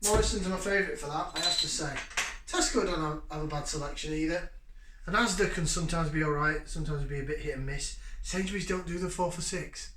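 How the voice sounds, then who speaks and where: A man chats through a casual beer review at home, joking and breaking into lively bursts of enthusiasm. His voice sits a little high and rings bright and forceful. The room around him is noticeably echoey. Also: fast talker, a little hiss or hum. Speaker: beer review channel host.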